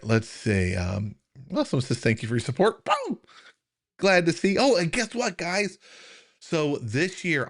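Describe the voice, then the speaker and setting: A middle-aged American man hosting a live Q&A stream as a health coach, talking earnestly in a loose, conversational way with many fillers and restarts, and struggling to hold back emotion. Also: lowish voice. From United States. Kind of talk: casual live-stream chat.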